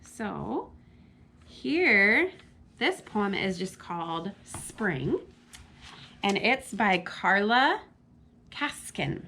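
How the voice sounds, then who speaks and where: A woman's voice: mid-range voice, big pitch swings, very slow, long pauses, sharp tone, a little hiss or hum. A woman hosting a children's storytime at a library, reading poems and chatting with young kids, asking them questions as she goes. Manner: chatty, addressing kids directly with frequent questions. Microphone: camera mic.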